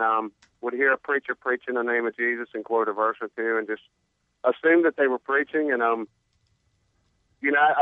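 A man's voice: mid-range voice, no echo. A man calling in to a radio show, speaking sincerely and hesitantly. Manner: hesitant, sincere, lots of ums. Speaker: caller. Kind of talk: call-in phone conversation. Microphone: telephone. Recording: tinny phone line.

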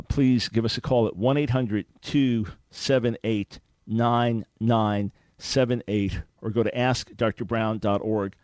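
A man's voice: mid-range voice, a little mellow, dry recording. A man hosting a Christian talk radio show, earnestly teaching and answering listener questions about scripture. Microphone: studio microphone.

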